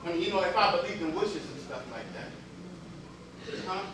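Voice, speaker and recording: A man's voice: high voice, lively intonation, normal speed, background noise. A man telling a comic story in a live monologue, in casual, slangy speech with repeats. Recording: echoey hall from far off with audience.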